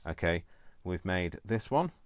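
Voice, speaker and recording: A man with a very low voice talks his way through a craft project at an unhurried pace. He rambles to himself, teases himself and slips into giggles easily. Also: sing-song, clean tone, no room sound. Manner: talks to himself while working, rambling and self-mocking. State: prone to giggling fits. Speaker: crafting video host. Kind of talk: casual crafting vlog narration.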